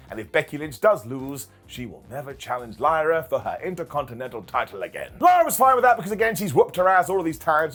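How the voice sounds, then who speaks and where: A man hosting a casual recap, animated and jokey with sarcastic asides. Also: medium pitch. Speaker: wrestling show reviewer and host.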